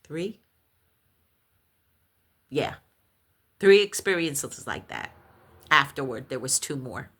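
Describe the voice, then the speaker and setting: A woman recounting a personal paranormal experience, animated and halting, with many restarts when shaken. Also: breathy edge. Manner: animated storytelling, acts out others' voices in high shrieks. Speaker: storyteller.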